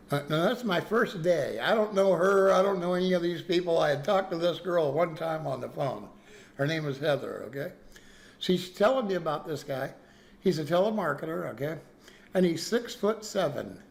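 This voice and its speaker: A man's voice: fairly high pitch, lively intonation, normal speed, creaky. A man casually telling a story to his chat, rambling with restarts and frequent "okay?" checks. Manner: rambling, lots of restarts and "okay?" tag questions.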